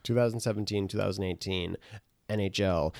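A man's voice: deep voice, fairly even intonation, brisk, gravelly, a little mellow, no room sound. A man co-hosting a casual comedy podcast, joking and bantering playfully. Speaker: podcast co-host.

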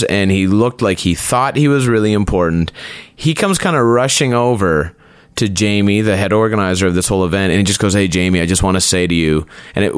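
A man's voice: dry recording, studio quality. A man telling a casual story about a chaotic festival day, acting out the people he quotes. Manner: animated, acts out quotes with pitch jumps. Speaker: storyteller guest; performer.

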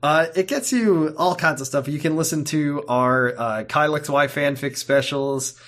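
A man's voice: on the high side, measured pace, fairly bright tone. A man co-hosting a casual podcast, rambling playfully and tripping over his own sentences. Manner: rambling, self-interrupting, playful. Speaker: podcast co-host.

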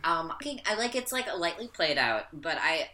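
Woman co-host, low and very animated voice, bright edge, loose rambling chat. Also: moderate pace. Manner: animated, laughs often, rambling with fillers. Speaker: podcast co-host. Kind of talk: casual chat.

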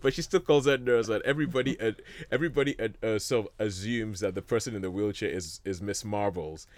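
A man with a lowish voice rambles through a film recap in casual chat, stopping and restarting his sentences. The sound is dry and close, with no room around it. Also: fast, no echo. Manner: rambling, many fillers and restarts, chuckles often. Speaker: film discussion host. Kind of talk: casual chat about films.

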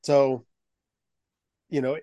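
A middle-aged man, a guest author, telling anecdotes in a lively, conversational way. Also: medium pitch, extremely slow, dry recording. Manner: lively anecdotal telling, acts out quoted voices. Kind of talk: conversational storytelling.

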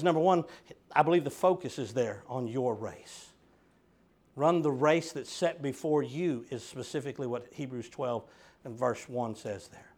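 A man's voice: fairly high pitch, a little mellow. A man preaching a sermon, emphatic and direct with his listeners. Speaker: pastor.

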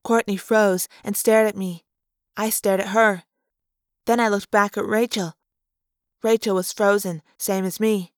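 A woman's voice: mid-range voice, steady tone, unhurried, no room sound, studio quality. A woman narrating a story aloud in first person, expressively acting out the action.

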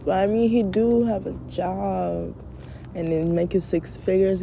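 A woman in her thirties talking casually and comedically, blunt and profane, often mimicking her children in high voices. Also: flat delivery, a little slow, creaky. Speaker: podcast host. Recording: dull lo-fi sound with faint background noise.

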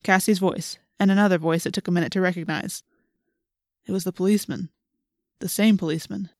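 A woman with a lowish voice narrates a novel in the first person, measured and earnest. Her reading is close to the mic and very dry, with no echo at all. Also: steady tone. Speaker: audiobook narrator.

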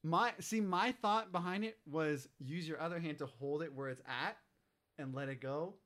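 A man's voice: a little high, moderate pace, fairly bright tone. A young man chatting casually about a movie, asking questions and laughing often.

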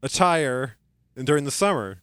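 A young adult man co-hosting a podcast, riffing playfully and piling on fillers as his jokes spin out. His voice is mid-pitched and the recording is dry and close. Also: lively intonation, measured pace, fairly bright tone, clear, resonant tone, no room sound. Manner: goofy, riffing, heavy on "like" fillers. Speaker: podcast co-host. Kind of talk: casual chat.

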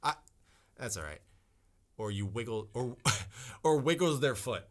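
A man's voice: mid-range voice, lively intonation, a little slow. A young man co-hosting a podcast, chatting loosely, joking and swearing freely. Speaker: podcast co-host. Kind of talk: casual chat.

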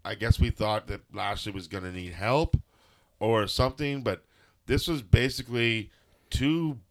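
A man's voice: on the low side, unhurried. A man co-hosting a podcast, giving a rambling, jokey wrestling recap in casual chat. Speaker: podcast co-host.

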